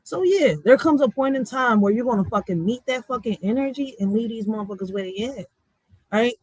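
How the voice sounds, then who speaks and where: A woman from Philadelphia with a Philly accent, ranting bluntly and with a lot of swearing, going from loud outbursts to low muttering. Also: lively intonation, a little fast, slightly rough, dry recording, poor audio. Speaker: vlogger. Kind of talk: heated profane rant.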